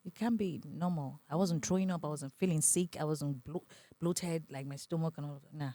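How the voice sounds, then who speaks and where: A woman's voice: low-pitched, fairly quick, dry recording. A young adult woman with a Nigerian accent, a podcast guest telling her story in casual conversation and acting out the voices she quotes. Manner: animated, acts out quoted voices, laughs often.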